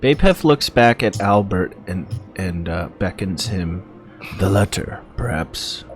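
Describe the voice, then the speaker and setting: A man playing a tabletop role-playing game, speaking thoughtfully and deliberately. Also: low-pitched, lively intonation, music in the background. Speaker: player. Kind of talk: casual tabletop game chat.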